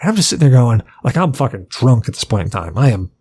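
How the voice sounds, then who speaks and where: A man's voice: medium pitch, big pitch swings, fast, a little mellow, breathy edge. A man co-hosting a podcast who tells a long story in a rambling, swearing way and acts out what people said. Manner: rambling, profane, acts out quotes. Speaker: podcast co-host. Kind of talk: casual storytelling chat.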